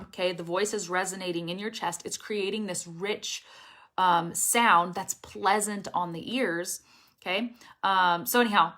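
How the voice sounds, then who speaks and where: A woman's voice: mid-range voice, a bit bright. A young woman teaching English pronunciation in a casual online lesson, with a strong, well-supported voice, speaking energetically and often checking in with "okay?".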